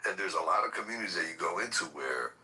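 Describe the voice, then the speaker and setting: A man's voice: sits low, lively intonation, fast, far from the mic, background noise. A man hosting a political talk podcast, ranting in a heated, profane and emphatic way. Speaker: podcast host.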